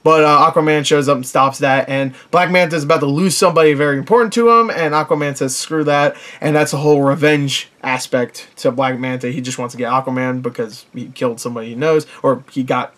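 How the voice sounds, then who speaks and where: A man's voice: mid-range voice, steady tone, a little fast, few pauses, a bit bright. A man giving a casual, rambling movie review, with lots of fillers and self-corrections and frequent chuckles.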